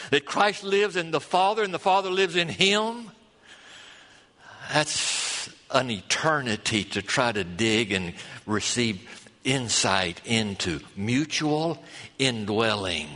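A man preaching a sermon, folksy and storytelling, drawing out key words slowly. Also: mid-range voice, pushed and bright. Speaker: pastor. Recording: long hall reverb.

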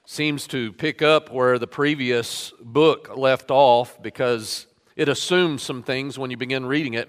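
A man's voice: mid-range voice, a bit bright, clean tone, long reverb tail. A man preaching a sermon, reading scripture aloud and stressing the quoted lines, then leading a prayer. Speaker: pastor. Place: church sanctuary.

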